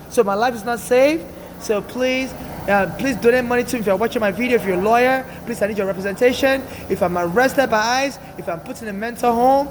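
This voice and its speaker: A man's voice: high-pitched, noisy background. A man in his forties, from Nigeria, talking in an urgent, rambling personal monologue and often repeating himself. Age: 40s. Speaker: vlogger. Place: city streets and transit.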